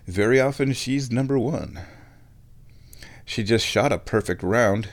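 A man's voice: mid-range voice, a little slow. A man chatting casually to viewers, thinking aloud and searching for words as he rambles from topic to topic. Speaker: vlogger. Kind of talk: casual rambling chat while watching sport.

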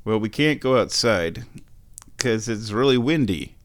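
A man chatting casually on his stream, meandering and correcting himself, and sometimes talking to his cat in a high baby voice. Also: lively intonation, unhurried. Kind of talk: casual rambling chat.

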